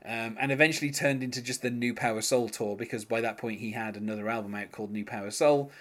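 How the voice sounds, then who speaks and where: A podcast host reviewing music chats casually, his speech full of fillers and restarts that make him sound hesitant. His medium-pitched voice is steady and fairly bright, and he talks at a quick pace.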